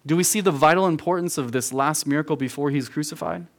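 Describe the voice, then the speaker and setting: A fast-talking youth pastor with a higher-pitched voice delivers a verse-by-verse sermon to young listeners in a room. Earnest and emphatic, he repeats phrases for emphasis and keeps calling them "guys."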